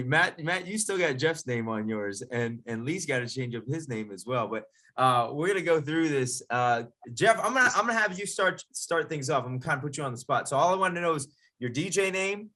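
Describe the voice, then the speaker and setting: A man's voice: mid-range voice, expressive, normal speed, a bit bright. Upbeat, chatty man teaching a class. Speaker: DJ instructor. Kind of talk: casual online workshop teaching.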